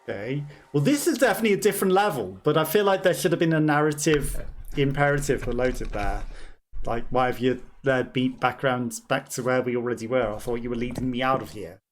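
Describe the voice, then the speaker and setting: A man's voice: medium pitch, a little fast. A man hosting a let's play, chatting and musing aloud with chuckles as he plays. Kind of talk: casual gameplay commentary. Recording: game music behind the voice. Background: game music.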